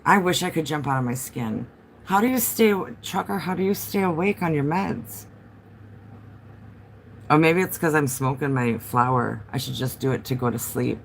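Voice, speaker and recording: A man's voice: a little high, normal speed, vocal fry, a little hiss or hum. A man chatting casually on a home livestream, rambling from topic to topic and answering viewer comments as they come in.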